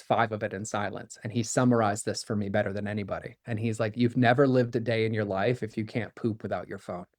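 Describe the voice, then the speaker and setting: A man with a fairly low voice tells a personal story as a podcast guest. He is candid and animated, and he acts out the dialogue he quotes. The sound is close and dry, with no room around it. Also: no echo. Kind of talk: storytelling in conversation.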